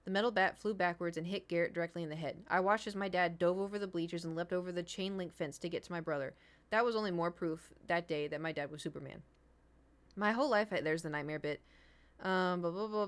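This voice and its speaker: A woman's voice: fairly low pitch, clear, resonant tone. A young adult woman streaming, chatting casually with her viewers, rambling and laughing often.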